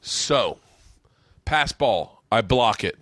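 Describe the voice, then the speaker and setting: A man hosting a podcast, telling a story in casual chat, animated and swearing, his voice jumping up when he quotes himself. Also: fairly low pitch, very slow, dry recording, clean studio sound. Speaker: podcast host. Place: room with family around.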